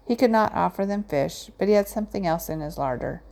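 A woman narrating a children's storybook aloud in a gentle, measured way. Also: fairly low pitch, animated, gravelly.

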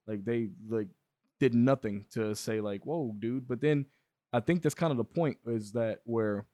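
A man's voice: mid-range voice, measured pace, dark tone, no room sound. A man co-hosting a podcast, chatting casually and slangily about a show. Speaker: podcast co-host. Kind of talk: casual show review chat.

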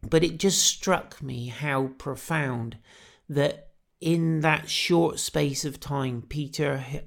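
A man's voice: fairly high pitch, gravelly. A man giving a reflective devotional talk on a Bible passage, retelling the scenes in the voices of the people in it. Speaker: preacher.

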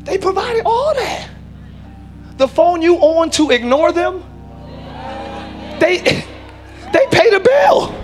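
A pastor preaching a live church sermon, with emphatic delivery that swings between shouts and hushed low lines. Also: male voice, big pitch swings, slow, long pauses, faint music behind. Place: church sanctuary.

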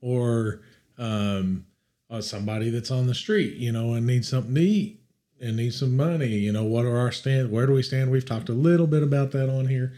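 Animated man in casual chat. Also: mid-range voice, moderate pace. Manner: animated, emphatic, talks in restarts. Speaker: podcast co-host.

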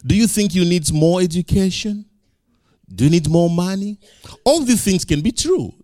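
A man preaching from the pulpit in a high, lively voice that swings up and down. He keeps it animated, laughing along and acting out quotes. The sound is dry and close. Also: moderate pace, dry recording. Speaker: pastor. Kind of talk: sermon.

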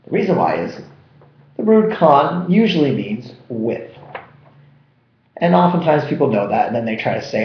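A man teaching vocabulary with a lively, up-and-down delivery and a playful touch. His voice carries a roomy echo and sounds a little dull and lo-fi. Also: mid-range voice, fairly quick. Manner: animated, jokey explainer. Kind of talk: energetic vocabulary lesson.

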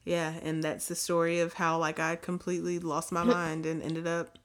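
A woman co-hosting a casual chat, animated and playful, slipping into loud silly voices. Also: on the low side, normal speed. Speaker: podcast co-host.

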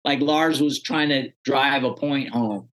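A man's voice: mid-range voice, measured pace, fairly bright tone. A man being interviewed, chatting casually as he tells a story in a slangy, easygoing way. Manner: chatty, slangy, acts out quoted dialogue. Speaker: interview guest.

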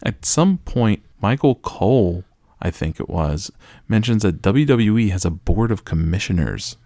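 A man with a low, deep voice talks through a wrestling broadcast in loose, sarcastic banter. The recording is dry and close, with no room sound. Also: lively intonation, a little slow, dark tone, no room sound. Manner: wry, sarcastic, rambling. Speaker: podcast co-host. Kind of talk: casual chat about wrestling.

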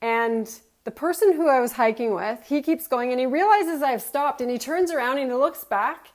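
A woman's voice: high voice, moderate pace. A middle-aged woman, a motivational speaker, telling a personal story and acting out her own thoughts. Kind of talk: personal story told to an audience.

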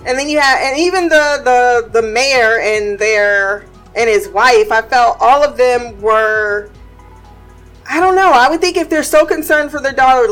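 A woman talking casually about a TV series, animated and blunt, laughing and swearing as she goes. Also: fairly high pitch, poor audio. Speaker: TV series commentator. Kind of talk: casual reaction commentary.

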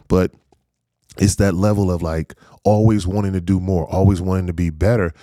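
Deep-voiced man telling his story. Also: fairly even intonation, moderate pace, dark tone, no echo, clean studio sound. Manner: candid, conversational, lots of "you know" and "like". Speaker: former football player telling his story. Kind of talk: reflective storytelling.

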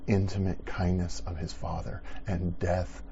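A middle-aged man preaching a sermon, conversational and playful, rising to loud dramatic bursts. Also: low-pitched, flat delivery, a little slow, gravelly, highs cut off, noisy background. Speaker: pastor.

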